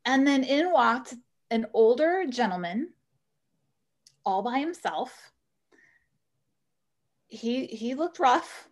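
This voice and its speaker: A woman who teaches yoga, telling an animated story as a guest in an interview. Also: on the high side, takes it slowly, long pauses. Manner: animated storyteller, acts out voices in quotes.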